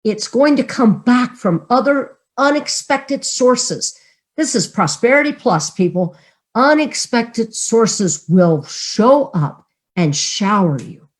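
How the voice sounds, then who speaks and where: A woman's voice: on the high side, expressive, slow pace. A woman minister delivering a sermon, earnestly leading her congregation in affirmations. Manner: warm, earnest preaching, leads congregation in affirmations.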